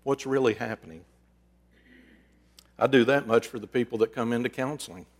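A middle-aged male preacher who also counsels people speaks in a plain, mid-range voice, sharing personal stories as a sermon. His delivery is earnest and conversational, swinging between hushed and loud moments. A long reverb trails his words, as in a big hall. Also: mid-range voice, moderate pace. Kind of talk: storytelling sermon.

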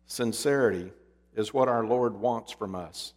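A man preaching a sermon in a deliberate, emphatic storytelling manner, his endings dropping low. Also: darkish tone. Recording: long hall reverb.

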